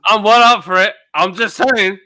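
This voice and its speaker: High, bright-voiced man bantering. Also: moderate pace. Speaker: host. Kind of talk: casual chat.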